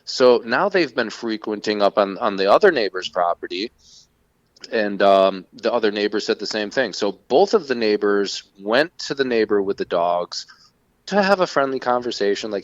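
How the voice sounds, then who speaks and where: A man with a low voice tells a story in an animated, casual way and swears freely. The recording is dry, with no room sound, and its sound is dull and lo-fi. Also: normal speed, dry recording. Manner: profane, animated retelling. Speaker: podcast co-host.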